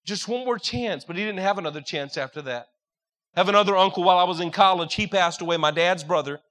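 A man's voice: high-pitched, quick pace, a bit bright. A young man preaching a sermon in an earnest, direct way, telling personal stories to a congregation.

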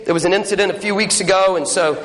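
High-voiced folksy male preacher. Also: steady tone, quick pace, fairly bright tone. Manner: folksy, storytelling. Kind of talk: sermon with joke telling. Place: church sanctuary. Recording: echoey church hall.

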